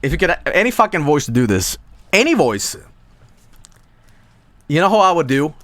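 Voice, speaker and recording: A male streamer giving profane live commentary, rambling and stammering through repeated words, with sudden jumps in pitch. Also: very animated, moderate pace, fairly bright tone, no echo.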